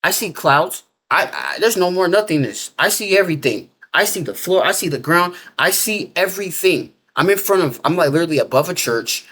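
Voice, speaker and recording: A man's voice: high voice, animated, brisk, hardly any pauses, bright, forceful tone, husky. A man casually telling a personal story in loose, rambling talk, full of fillers, restarts and everyday slang grammar. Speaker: interviewee telling a near-death experience.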